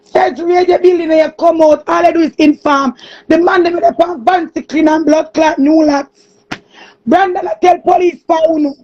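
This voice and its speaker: Shrill Jamaican woman ranting loudly. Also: fairly even intonation, moderate pace. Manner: loud, cursing, shouting. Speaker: streamer. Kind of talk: angry ranting monologue. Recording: muffled lo-fi recording.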